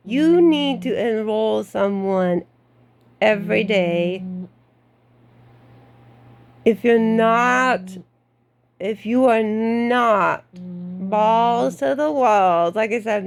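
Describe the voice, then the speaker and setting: A woman's voice: mid-range voice, extremely slow, pauses often. A middle-aged woman giving blunt career advice in a vlog, outspoken and frank, with laughing asides. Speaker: golf club membership adviser.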